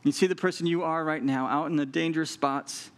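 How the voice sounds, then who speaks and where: A man preaching a sermon as a pastor, earnest and emphatic, repeating key lines and slowing down for weight. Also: fairly high pitch, steady tone. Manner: earnest, emphatic preaching with repetition and dramatic slowdowns.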